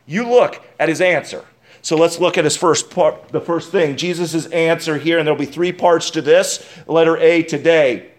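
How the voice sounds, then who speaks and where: A man preaching a sermon as pastor, emphatic, asking rhetorical questions and dropping to quiet asides. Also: fairly high pitch, moderate pace.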